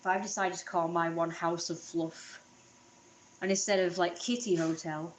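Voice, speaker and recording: A woman's voice: on the low side, fairly even intonation, normal speed, slight background noise. A young woman vlogging at home in a rambling, casual way, swearing freely and laughing often. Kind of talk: casual chat to camera.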